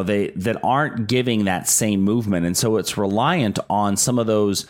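Low-voiced man explaining the markets. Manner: explanatory, with frequent restarts and fillers. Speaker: market analyst co-host. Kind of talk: casual market talk.

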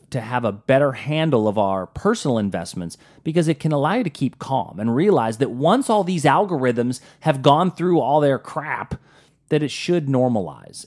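A man's voice: mid-range voice, a little mellow. A man from Pittsburgh with a Pittsburgh accent, hosting a casual market talk show in a chatty, joking way with frequent restarts. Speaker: show host.

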